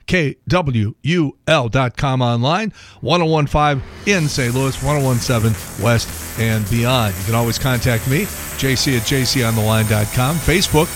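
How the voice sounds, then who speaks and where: A man's voice: mid-range voice, moderate pace, over music. An older American man hosting a radio podcast, telling stories in a wry, sardonic way. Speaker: radio host. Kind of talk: casual solo podcast monologue.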